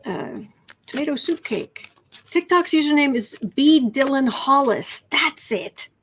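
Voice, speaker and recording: Chatty woman reading tarot, rather high voice. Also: expressive, measured pace, fairly bright tone, slight background noise. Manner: chatty, rambling, drops to whispered asides. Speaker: tarot reader. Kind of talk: casual livestream tarot reading.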